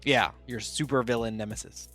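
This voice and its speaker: A man hosting a casual podcast chat, briskly running listener questions and laughing easily. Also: mid-range voice, steady tone, a bit bright, faint music behind. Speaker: podcast host.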